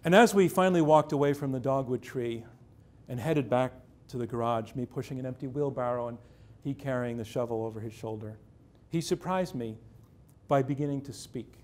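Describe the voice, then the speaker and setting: A man, a journalist, telling a true first-person story on stage with measured pacing, dramatic pauses and dry irony. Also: medium pitch, a little mellow.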